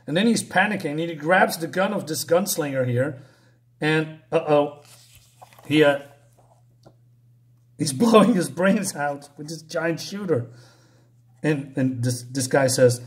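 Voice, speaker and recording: A man's voice: fairly high pitch, a little slow, long pauses. A man casually recapping a comic book, rambling and chuckling, with plenty of "so, um, right?".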